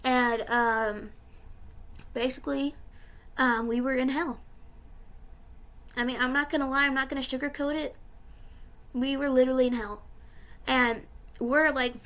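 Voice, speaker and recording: A woman's voice: sits high, fairly even intonation, measured pace, pauses often, a bit bright. A young woman vlogger telling about a dream in a casual, rambling way, full of fillers, tearful and emotional.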